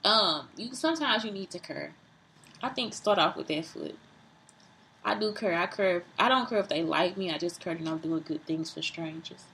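A woman talking casually and profanely into her phone camera, lively, self-mocking and rambling. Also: fairly low pitch, normal speed, gravelly, a little hiss or hum, rough recording. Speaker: vlogger. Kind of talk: casual vlog monologue.

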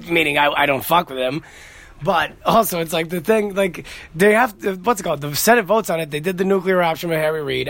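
A man's voice: fairly high pitch, creaky, a bit bright. A man, hosting a casual podcast monologue and telling rambling, profane stories. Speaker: podcast host.

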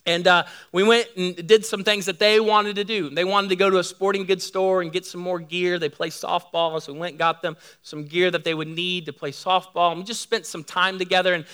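A middle-aged man preaching a sermon, telling lively stories to his congregation. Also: high voice, brisk, hardly any pauses, clean tone. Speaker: pastor.

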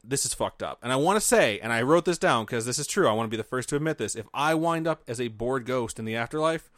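A man's voice: mid-range voice, lively intonation, quick pace, fairly bright tone, no room sound, studio quality. A man co-hosting a podcast, telling a spooky story in a casual, joking, profane way. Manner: profane, jokey, mocking asides. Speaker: podcast co-host.

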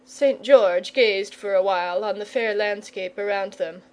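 A woman's voice: medium pitch, steady tone, unhurried, few pauses, a little mellow. A woman narrating a storybook as an audiobook reader. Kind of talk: scripted narration.

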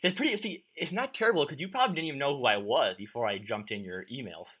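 A man's voice: mid-range voice, lively intonation, fast, a bit bright, slightly rough. A man hosting a sports media podcast, chatty and self-deprecating, interviewing a guest.

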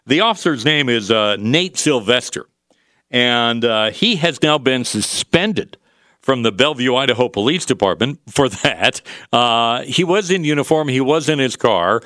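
A male talk radio host giving conversational commentary, pausing often on fillers. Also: mid-range voice, expressive, bright, forceful tone, dry recording, studio quality. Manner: conversational, with frequent filler pauses.

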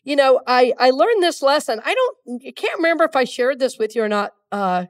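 A woman's voice: high-pitched, very animated, fairly quick, far from the mic. A woman from Georgia preaching a conversational sermon to a congregation. She is still getting over a cold and leads the room in call-and-response. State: still has a cold, congested. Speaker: minister.

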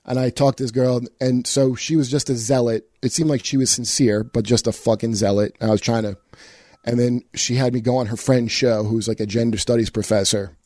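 A man's voice: medium pitch, steady tone, a little fast, warm tone, no echo. A man in casual podcast chat, telling a story in a rambling, profane way with many restarts.

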